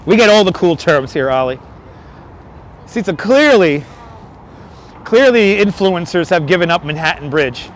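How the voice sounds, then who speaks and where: High-voiced chatty New man outdoors. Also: expressive, unhurried, long pauses. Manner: chatty and joking, reading viewer comments aloud. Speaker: live-streaming walking tour host. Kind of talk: casual live-stream chat. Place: outdoors walking a windy city bridge. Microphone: wireless lapel mic. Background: city traffic and passing subway trains.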